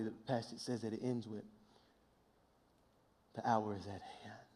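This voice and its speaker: A man preaching a sermon, swinging between hushed, near-whispered passages and loud, impassioned shouting, often repeating words as he builds. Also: mid-range voice, fairly even intonation, a little fast. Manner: repeats words and restarts phrases in bursts.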